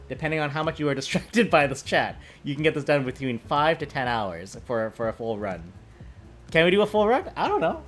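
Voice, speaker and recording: Casting: man, talkative streamer, laughs often, animated pitch. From British Columbia, Canada. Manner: chatty, laughing, rambling with restarts. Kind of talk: casual game stream chat.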